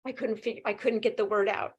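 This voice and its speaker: A woman in her fifties, a guest talking casually and quickly in an interview, animated and laughing often. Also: mid-range voice, husky. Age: 50s. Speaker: guest sharing her experience.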